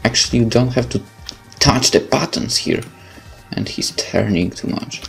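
A man's voice: mid-range voice, moderate pace, vocal fry. A man with a Polish accent, a gaming video creator who swears a lot and vents in sarcastic, angry outbursts during commentary. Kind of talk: frustrated gameplay commentary. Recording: faint game music behind.

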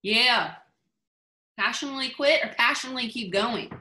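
A woman's voice: a little high, normal speed, bright, forceful tone. A woman giving a motivational talk to her team over a video call, in a chatty, gushing way. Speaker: team leader.

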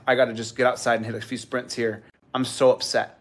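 A man's voice: mid-range voice, level tone, very fast, hardly any pauses, fairly bright tone, dry recording. A young man in a heated, profane rant to his vlog audience, repeating himself as he vents. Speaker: vlogger. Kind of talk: angry rant to camera.

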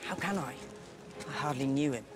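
A man's voice: mid-range voice, normal speed, natural voice. A young man playing a cocky, playful resistance fighter in a live-action TV drama. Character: brash, boyish young male rebel fighter. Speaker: resistance fighter in a teen sci-fi series. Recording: TV soundtrack with music underneath.

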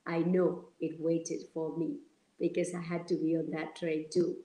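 A woman from Argentina, telling stories as an interview guest in an animated, halting way with many fillers. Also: low voice, echoey room, rough recording. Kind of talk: storytelling in an interview.

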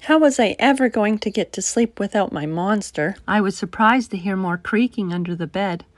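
A woman reading a children's picture book aloud as a storyteller, unhurried and gentle. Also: mid-range voice, no room sound, studio quality.

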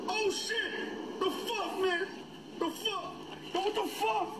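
A man's voice: extremely high pitch, fairly even intonation, slow. A man playing a young friend who talks street slang, peppered with "yo" and "man", in an amateur short film. The audio is echoey and noisy. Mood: panicked. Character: young man's skeptical street-talking friend.

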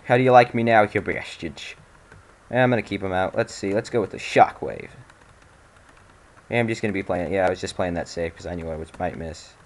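A man with a slightly low voice talks through a video game in loose, off-the-cuff commentary. He mutters to himself between moves and regularly erupts into exasperated swearing. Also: fairly even intonation, brisk. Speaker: video game let's-play host. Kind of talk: casual gameplay commentary.

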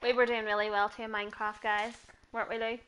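A woman streaming a horror game live, hoarse and laughing often as she chats to viewers and a friend. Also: on the high side, level tone, fast talker, noisy background. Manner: giggly, chatty, talks to viewers. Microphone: earpiece headset.

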